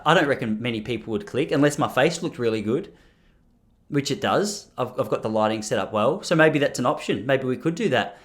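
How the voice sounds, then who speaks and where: Man, australian accent, podcast host, casual and joking, animated pitch. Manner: joking, rambling, slips into playful mimicry. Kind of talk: casual chat to camera. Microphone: on camera.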